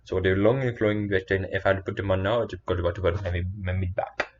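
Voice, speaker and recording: A man's voice: sits low, steady tone, fast, highs cut off, a little hiss or hum. A man telling a personal story in a meandering, earnest way, often correcting himself. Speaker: storyteller vlogger.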